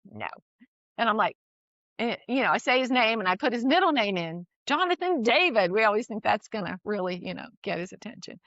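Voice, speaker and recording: A middle-aged woman, a guest, telling a personal parenting story in casual conversation. She talks in an animated way, often restarts her sentences and laughs between phrases. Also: fairly high pitch, moderate pace, no echo, muffled recording.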